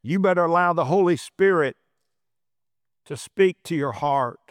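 A man's voice: a little high, measured pace, clean tone, dry recording. A man preaching a sermon, emphatic and repeating phrases for stress. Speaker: pastor.

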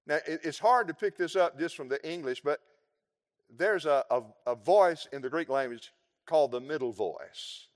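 A man preaching a sermon, explaining scripture verse by verse with emphatic, drawn-out phrases. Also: fairly high pitch, in a large hall.

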